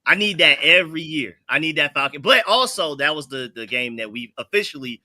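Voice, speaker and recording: A young man chatting as a podcast guest, relaxed and rambling, gloating happily. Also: a little high, fairly quick, no room sound, studio quality. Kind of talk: casual sports podcast chat.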